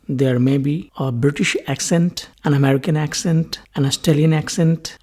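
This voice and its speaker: A man's voice: fairly high pitch, a little mellow, breathy edge. A man giving a recorded English language lecture, methodically repeating key terms and moving on with set phrases. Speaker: English teacher.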